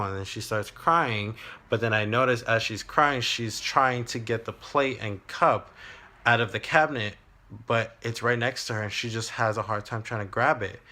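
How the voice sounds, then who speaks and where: A young man, telling a personal story in a video diary, halting, with many fillers and restarts. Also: fairly low pitch, sharp tone. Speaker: vlogger.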